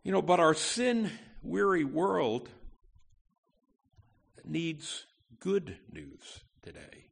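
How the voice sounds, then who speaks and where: A man preaching a sermon as pastor, emphatic, with wide swings in pitch and loudness. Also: wildly swooping pitch, very slow, creaky, pauses often, slightly rough.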